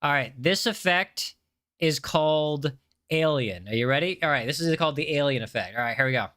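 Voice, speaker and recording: A man's voice: a little high, lively intonation, brisk, sharp tone. A man casually chatting on a game livestream, reading chat aloud and often repeating himself.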